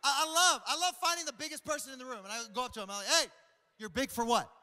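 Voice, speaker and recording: A young adult man preaching a comedic sermon, animated and joking, often repeating words. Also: very high-pitched, very fast. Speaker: pastor. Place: large church auditorium. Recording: reverberant church hall.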